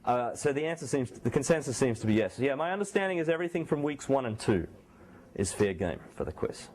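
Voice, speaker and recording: A man lecturing a university math class, his voice slightly sore, so he keeps it a bit quieter. His speech is relaxed and conversational, full of restarts and self-corrections as he works through examples. He sits at a middling pitch for a man. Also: brisk. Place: lecture hall.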